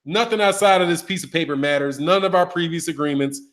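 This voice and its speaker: A man commentating on boxing in a casual, animated rant, repeating himself and trash-talking. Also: on the high side, fast talker.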